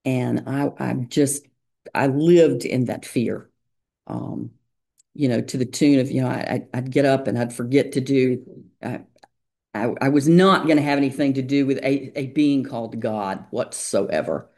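Gravelly, hesitant speaker sharing. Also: medium pitch, measured pace, a little mellow. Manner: reflective, hesitant, with many fillers. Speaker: meeting member sharing. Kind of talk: personal testimony.

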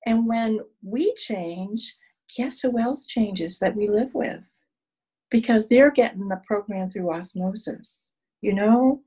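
A woman sharing her own story at a recovery meeting, candid and self-deprecating, telling it with animated asides. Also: mid-range voice, slow, slightly rough, poor audio. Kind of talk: personal sharing at a support meeting.

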